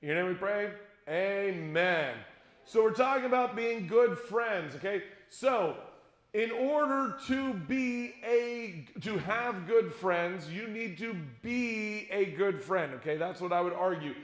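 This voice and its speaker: A man speaking at a youth conference, telling a jokey, animated story to middle schoolers and leading a short prayer. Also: high-pitched, slow. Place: church conference room with an audience. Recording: echoey room.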